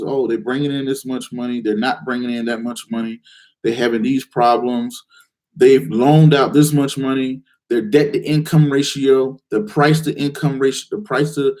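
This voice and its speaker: A man hosting a live investing call-in show, answering viewers' questions in a direct, challenging way with lots of rhetorical questions. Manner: animated, acts out excited investors in a higher voice.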